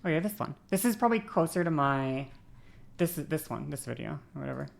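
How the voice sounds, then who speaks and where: A woman streamer chatting casually, shifting her voice between a lower and a lighter register, with vocal fry. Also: expressive, a little fast. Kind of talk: casual chat while gaming.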